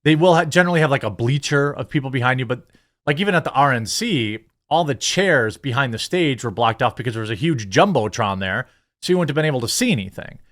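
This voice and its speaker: A man's voice: medium pitch, expressive, fast talker, fairly bright tone. A middle-aged man hosting a political commentary channel, ranting in an indignant, sarcastic and emphatic way.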